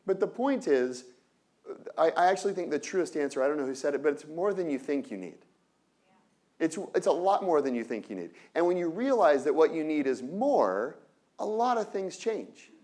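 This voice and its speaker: Energetic man lecturing, asking "right?". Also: fairly high pitch, normal speed. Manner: energetic, peppered with rhetorical "right?"; asides and self-corrections. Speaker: innovation lecturer. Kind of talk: lecture to alumni audience.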